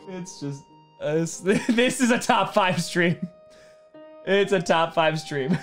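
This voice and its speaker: Streaming his reaction to a football game, a man with a somewhat high voice keeps dissolving into giggles mid-sentence. He talks a little slowly in this casual live stream, with faint music playing behind him.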